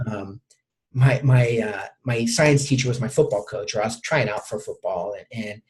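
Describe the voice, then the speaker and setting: A man's voice: lowish voice, a little mellow. Middle-aged male coach, interview guest, stop-start storytelling with many repeated words. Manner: halting, repeats words often.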